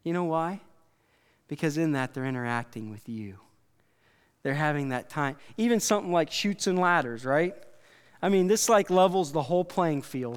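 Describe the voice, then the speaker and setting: A middle-aged man preaching a sermon in a conversational, halting way, with frequent restarts and asides to his audience. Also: on the high side, expressive, clean tone, in a large hall. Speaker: pastor.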